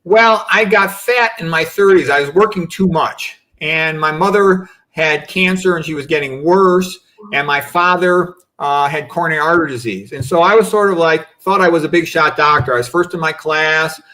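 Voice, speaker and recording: A man's voice: on the high side, normal speed, bright, forceful tone. A man in his fifties, a doctor guest on a video-call talk show, speaking in a reflective, rambling way with many asides. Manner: reflective, rambling, frequent "you know" and "okay". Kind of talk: casual interview answers.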